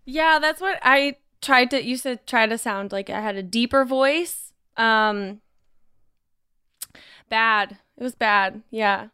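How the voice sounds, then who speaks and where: Kentucky woman hosting a podcast, pretty high voice, very dry close mic, sounds young and kinda self-deprecating. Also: slow, pushed and bright, clean tone, no room sound. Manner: youthful, self-deprecating chatter. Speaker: podcast host. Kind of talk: casual podcast chat.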